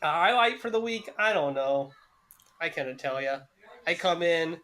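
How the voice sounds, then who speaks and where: A man's voice: fairly high pitch, lively intonation, measured pace, sharp tone. A young man co-hosting a podcast, talking in a cynical, heavily profane, rambling way. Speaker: podcast co-host. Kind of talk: casual chat.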